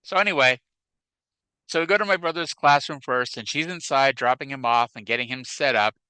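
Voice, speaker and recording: Man in his 40s, podcast co-host, rambling anecdotes, bright crisp voice, dry close sound. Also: mid-range voice, brisk, dry recording, poor audio. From northern USA. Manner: rambling storyteller, many fillers like "like" and "you know". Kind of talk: casual chat.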